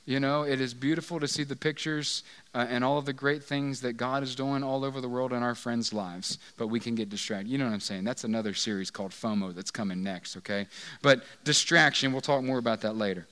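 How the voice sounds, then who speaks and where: A man's voice: medium pitch, steady tone, brisk, fairly bright tone, clean tone. A male pastor preaching in a conversational, joking way, often asking the audience questions. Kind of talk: sermon.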